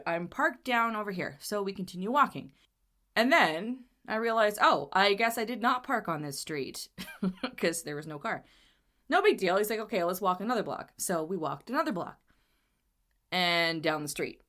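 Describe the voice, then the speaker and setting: A woman podcast host telling a funny personal story in a chatty, animated way, laughing often as she goes. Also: medium pitch. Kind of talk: storytelling monologue.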